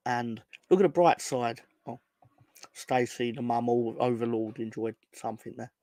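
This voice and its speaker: Sardonic football fan. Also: male voice, medium pitch, moderate pace, mellow, dry recording. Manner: rambling, sardonic, swears freely. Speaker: football podcast co-host. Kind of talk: casual fan chat.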